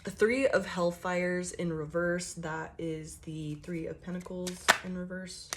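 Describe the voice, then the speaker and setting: A young woman with a somewhat low voice gives a tarot reading in an easy, rambling way. She swears freely and slips into quick voiced inner monologues as she talks. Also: fairly even intonation, heavy background noise. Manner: loose, chatty and profane, acting out inner monologues. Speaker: tarot reader. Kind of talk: casual channeled tarot reading.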